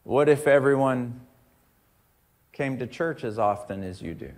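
A man delivers a sermon to a congregation in a church. He preaches like he is telling a story, talking plainly, then repeating key phrases for emphasis. His pitch sits in the middle range. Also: a little slow, a little mellow. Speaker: pastor.

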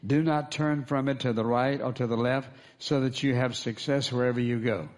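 A man's voice: mid-range voice, fairly even intonation, moderate pace, darkish tone. A man as pastor, preaching a sermon, calling for responses from the congregation and repeating key phrases for emphasis.

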